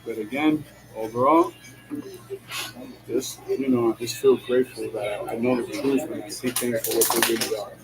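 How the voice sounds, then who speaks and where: With music and a crowd in the background, a male vlogger speaks at normal speed in a steady, mid-range voice while driving. He keeps it slangy and casual, saying "yo" and "you know what I'm saying" a lot and laughing often between lines. The recording is low quality.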